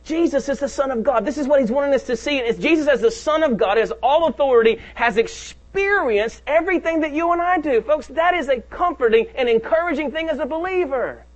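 A male pastor preaching a sermon to his congregation. He leans hard on key phrases and draws them out slowly. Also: very high voice, expressive, poor audio. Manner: preaches with rising emphasis and slow, drawn-out key phrases. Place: church sanctuary.

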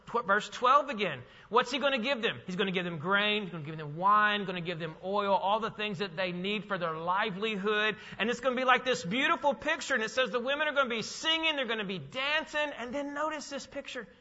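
A man's voice: high voice, sharp tone, long reverb tail, lo-fi sound. A man preaching a sermon as pastor, emphatic, with rhetorical questions to the congregation.

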